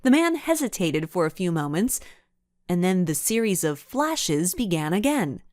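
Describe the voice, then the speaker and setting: A woman reads a kids' mystery aloud in a fairly low voice, yet her pitch rises and falls with lively storytelling expression. The recording is close and dry, with no room sound. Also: normal speed, no echo. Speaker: audiobook narrator. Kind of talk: scripted narration.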